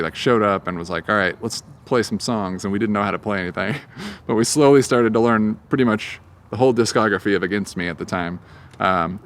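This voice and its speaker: Low-voiced young musician, rambling. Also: male voice, fairly bright tone, slight background noise. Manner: rambling, easygoing, lots of ums and uhs. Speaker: singer-songwriter guest. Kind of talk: casual outdoor interview. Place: outdoors on a park greenway.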